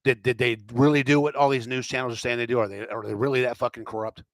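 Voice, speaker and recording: A man's voice: medium pitch, flat delivery, fast, no echo. A man ranting his opinions on a vlog, swearing often, heated and repeating himself. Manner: profane, heated, repetitive. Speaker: commentator.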